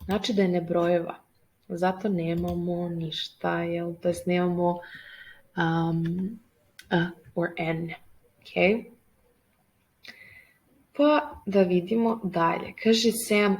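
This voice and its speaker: A woman's voice: fairly low pitch, slow, long pauses, darkish tone, a little hiss or hum, low-quality recording. A woman explaining English grammar as a teacher, hesitant and full of fillers as she reads a text aloud. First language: Serbian. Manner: hesitant, many fillers, switches between languages.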